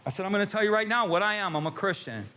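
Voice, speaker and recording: A man's voice: high-pitched, animated, very fast, sharp tone. A middle-aged man preaching a sermon as pastor, emphatic and pressing the congregation with rhetorical questions. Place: church sanctuary with a live congregation.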